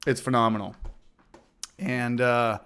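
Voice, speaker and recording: A man hosting a laid-back livestream, talking in a smooth, resonant voice at an everyday middle pitch. He chats loosely and swears freely, repeating phrases and giving shout-outs. Now and then a smoker's cough breaks through. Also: flat delivery, slow. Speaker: livestream host of a homebrewing channel. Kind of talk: casual livestream chat, reading out viewer comments.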